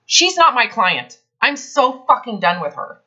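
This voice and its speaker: In a counseling session, a woman health advisor talks bluntly and emphatically, swearing freely. Her voice is a little high, sing-song, bright, and forceful, and a little slow, on a dull lo-fi recording.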